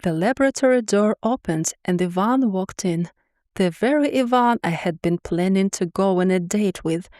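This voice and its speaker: A woman narrating a funny first-person fantasy story in a lively, wry way. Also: medium pitch, normal speed, no room sound, clean studio sound.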